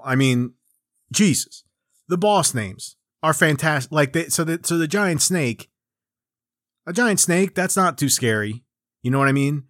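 A man's voice: mid-range voice, no echo, studio quality. A man in his forties hosting a comedic chat, rambling and profane and mocking himself. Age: 40s. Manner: rambling, profane, self-mocking, with lots of restarts and riffs.

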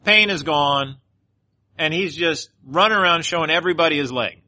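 A male pastor preaching, telling a story in an animated way and leading a closing prayer. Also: fairly high pitch, normal speed. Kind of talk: sermon with personal storytelling.

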